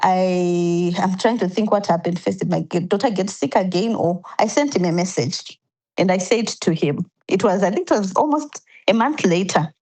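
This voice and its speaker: A woman's voice: lowish voice, normal speed, a little mellow, poor audio. A woman as a podcast guest, earnestly recounting a painful personal story step by step, often restarting her sentences.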